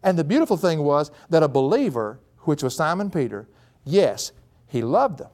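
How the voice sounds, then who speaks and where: A man delivers a sermon in a folksy, conversational way. His voice is a little high and very lively, swinging up into excited peaks. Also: moderate pace. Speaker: preacher.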